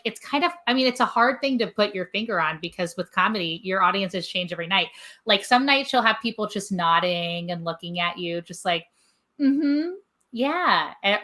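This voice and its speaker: Bright, animated young woman comedian. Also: fairly low pitch. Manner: animated, rambling, filler-heavy. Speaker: guest comedian. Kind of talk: casual podcast chat.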